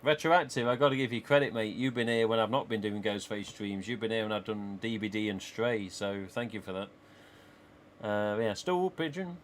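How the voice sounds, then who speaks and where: A man's voice: on the low side, normal speed, slight background noise. Chatty English East Midlands streamer man. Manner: chatty, rambling, laughs often. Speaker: live streamer. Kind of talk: casual chat with viewers. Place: small home office.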